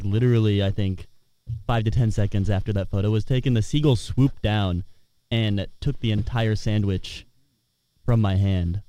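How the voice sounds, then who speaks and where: A young man in his twenties, a student co-host, talking in a wry, hesitant way that often trails off quietly. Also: fairly low pitch, smooth, dry recording. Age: 20s. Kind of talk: casual chat.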